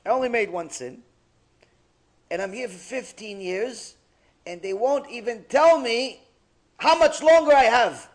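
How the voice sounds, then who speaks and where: A man's voice: very high voice, a little slow, long pauses, pitched above the performer's own voice. A man voicing a suffering male spirit who pleads and complains about his long punishment. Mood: pleading.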